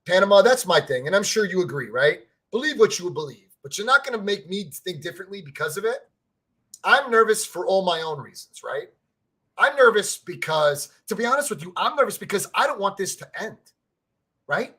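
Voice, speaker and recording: Casual stammery guy on a sports podcast, pretty high voice, rambles and swears. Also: sing-song, brisk, fairly bright tone, breathy edge. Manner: rambling, stammers and repeats words, swears freely. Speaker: podcast co-host. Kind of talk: casual sports fan chat.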